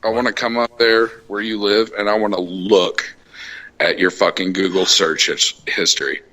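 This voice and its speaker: A man's voice: fairly low pitch, flat delivery, moderate pace, sharp tone, rough recording. A man guesting on a podcast, talking emphatically and swearing a lot in casual chat. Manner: emphatic, profane.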